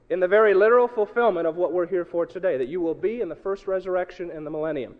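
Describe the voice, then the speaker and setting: High lively preacher guy acting out quotes, dull echoey hall recording. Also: fast, hardly any pauses. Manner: animated preaching, swings from loud to hushed, acts out quotes. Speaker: pastor. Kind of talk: sermon. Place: church hall.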